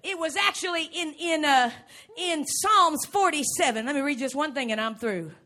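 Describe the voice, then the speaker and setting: A woman preaching a lively sermon to a congregation, often shouting and acting out little scenes. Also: high voice, moderate pace. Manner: animated, shouting, acts out scenes. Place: church before a live congregation.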